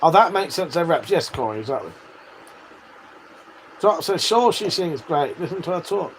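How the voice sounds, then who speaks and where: A man's voice: a little high, expressive, moderate pace, slight background noise, poor audio. A man hosting a livestream, reading out viewer comments, swearing freely and laughing often. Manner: swears a lot, laughs often, banters with chat. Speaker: livestream host.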